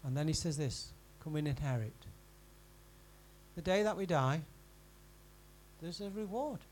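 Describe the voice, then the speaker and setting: Man, pastor, high voice, conversational sermon, emphatic then hushed, church. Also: animated, moderate pace, slight background noise, low-quality recording. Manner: conversational preaching, swinging from emphatic to quiet and intimate.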